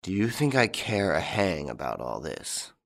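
Guy doing a gruff angry old inspector, slow low growl through his teeth. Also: big pitch swings, full character voice. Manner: growling, clipped. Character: angry older male police inspector, gruff.

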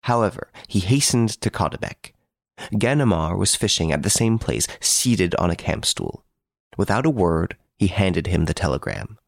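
A man narrating a classic story as an audiobook with an expressive storytelling delivery, close to the mic. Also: low voice, moderate pace, vocal fry, no room sound.

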